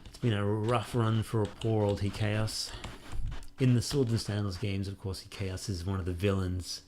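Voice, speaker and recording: A man's voice: lowish voice, flat delivery, normal speed, darkish tone, a little hiss or hum. A man hosting a let's play, casually commenting on a game and reading its prompts aloud with wry musing.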